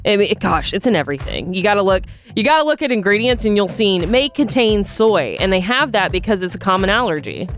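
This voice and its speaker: A woman's voice: mid-range voice, very animated, a little fast, few pauses, soft background music. A woman co-hosting a morning radio show, chatting casually and often laughing.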